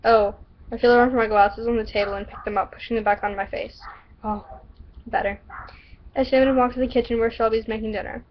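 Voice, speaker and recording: Giggly higher-voiced woman reading aloud. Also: steady tone, brisk, muffled recording. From Southern US. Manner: giggly, chatty, self-interrupting. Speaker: vlogger reading her own story. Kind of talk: casual vlog and story reading.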